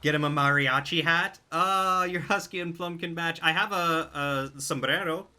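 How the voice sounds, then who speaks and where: A man chatting casually on a live stream, relaxed and affectionate, with many fillers. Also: a little high, moderate pace.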